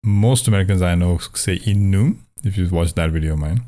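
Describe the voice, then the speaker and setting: A man's voice: deep voice, quick pace, mellow. A man giving a casual coding tutorial, talking through his steps aloud, correcting himself and joking wryly along the way. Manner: thinking aloud, conversational, self-correcting; wry, joking about pronunciation. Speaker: programming tutor. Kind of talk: casual screen-share coding walkthrough.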